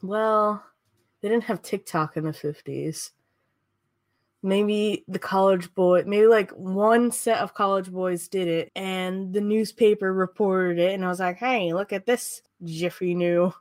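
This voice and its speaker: A woman's voice: mid-range voice, fairly even intonation, measured pace, dry recording. A woman chatting casually as a podcast co-host, making sarcastic, jokey guesses and laughing often. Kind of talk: casual chat, guessing at quiz questions.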